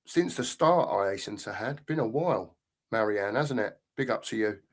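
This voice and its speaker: A man's voice: lowish voice, expressive, normal speed. A middle-aged man hosting a casual live football stream, reading out chat and greeting viewers in a matey way.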